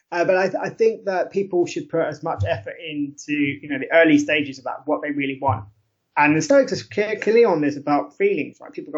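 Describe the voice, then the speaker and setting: Man, academic guest, higher voice, animated explainer who laughs and restarts, slightly muffled line. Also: fairly quick. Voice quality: animated, laughs often, frequent self-corrections. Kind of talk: conversational explanation. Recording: muffled lo-fi audio.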